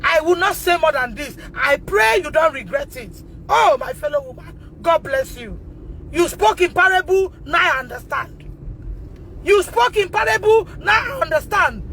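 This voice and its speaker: A Nigerian woman with a Nigerian English accent, speaking out on a phone livestream, emotional and repetitive, rising to shouts and tearful at times. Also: very high-pitched, a little hiss or hum, poor audio. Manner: emotional, repeats herself, rises to shouting. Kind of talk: impassioned livestream testimony.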